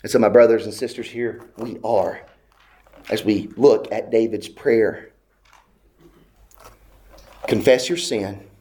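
With a warm tone, a male pastor delivers a sermon in an impassioned, repetitive rhythm. On heartfelt pleas, his voice rises high.

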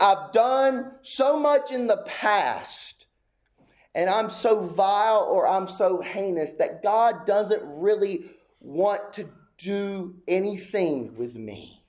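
A man preaching a sermon from the pulpit, his voice sitting a little higher than most men's. He builds with emphatic, repeated phrases and climbs even higher on heartfelt pleas. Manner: repetitive emphatic cadence. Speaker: pastor.

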